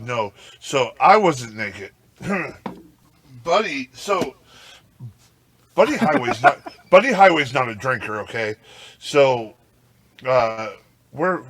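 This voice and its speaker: A man's voice: mid-range voice, a bit bright, no echo. A young man co-hosting a podcast, telling a rambling, profane road story full of fillers. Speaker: podcast co-host.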